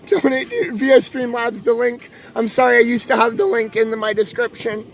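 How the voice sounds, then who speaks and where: High-voiced young man rambling earnestly. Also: flat delivery, normal speed, few pauses, slight background noise, poor audio. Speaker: live streamer. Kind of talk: casual live-stream talk.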